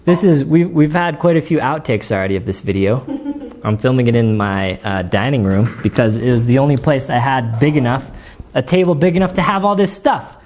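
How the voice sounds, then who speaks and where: A man's voice: medium pitch, expressive, brisk, darkish tone. A man with a runny nose hosting a casual gear vlog, chatty and rambling, often breaking into giggles, recorded in his dining room at home. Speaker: gear channel host.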